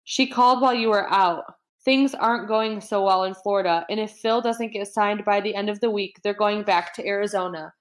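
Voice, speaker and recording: A woman's voice: mid-range voice, a little fast, hardly any pauses, lightly acted. Woman reading as a worried father. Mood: pleading. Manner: pleading, anxious read-aloud. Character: worried middle-aged father, bewildered.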